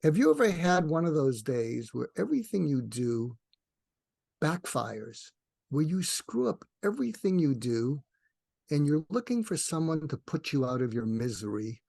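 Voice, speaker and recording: An older male psychiatrist, guesting in a podcast interview, tells a rambling story with frequent restarts, acting out the dialogue with rising pitch. His voice is sing-song, gravelly and a little mellow, at a moderate pace with no echo.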